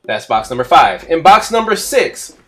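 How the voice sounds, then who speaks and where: A male teacher giving a slow, patient, step-by-step explanation in a classroom lesson. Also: fairly high pitch, big pitch swings, fairly bright tone. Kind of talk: classroom instruction.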